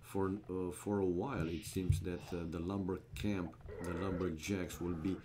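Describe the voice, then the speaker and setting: A man's voice: sits low, normal speed, background noise. A man with a non-native English accent, casually commenting a strategy game live and answering chat, with many fillers. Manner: relaxed, rambling, frequent uh fillers, chuckles at chat. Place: gaming room.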